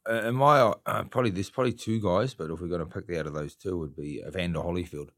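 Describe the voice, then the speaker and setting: Middle-aged Kiwi man, guest in casual talk, lowish voice, halting, dry close sound. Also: fairly bright tone, no echo. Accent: New Zealand. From New Zealand. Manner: halting storytelling with many fillers and restarts. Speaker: guest, retired boxer. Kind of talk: casual chat.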